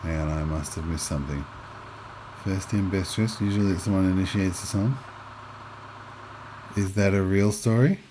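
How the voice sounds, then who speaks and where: A man's voice: low voice, moderate pace, pauses often, background noise. A man in his thirties streaming a driving game, chatting casually, reading his chat aloud and answering it. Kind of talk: casual live-stream chat while playing.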